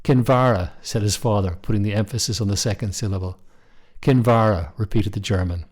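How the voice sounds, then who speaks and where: Calm low-voiced male narrator. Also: quick pace, breathy edge. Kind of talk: reading a short story.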